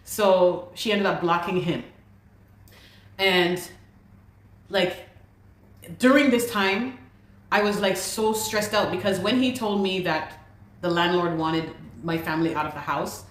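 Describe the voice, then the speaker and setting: A woman from Ghana, appearing as an interview guest, gives an emotional personal account, venting in exasperation and repeating words. Her voice is fairly low, measured, and broken by long pauses, with a roomy echo around it.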